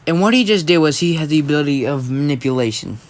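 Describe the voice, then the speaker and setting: Man, casual storyteller, rambling, restarts, higher voice. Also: animated, fast. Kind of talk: casual fan-fiction storytelling.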